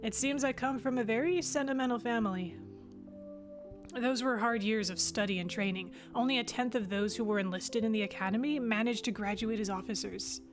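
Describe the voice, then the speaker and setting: A woman's voice: on the high side, brisk, close to an everyday voice. A woman voicing an earnest young female starship captain on her first command, narrating her log in the first person. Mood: reflective. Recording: music playing underneath.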